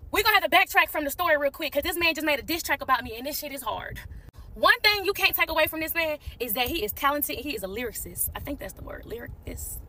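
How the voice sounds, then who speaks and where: Brief: young woman, fast gossipy storytime vlogger, slightly high voice, faint room hum. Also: animated, sharp tone. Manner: gossipy, talks to viewers as y'all and child. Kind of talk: casual storytime chat to camera.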